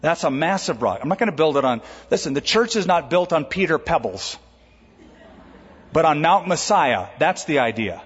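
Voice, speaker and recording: A man preaching a sermon as a pastor, lively and conversational, with jokes along the way. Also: a little high, normal speed, breathy edge. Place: church auditorium. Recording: dull recording with long hall reverb.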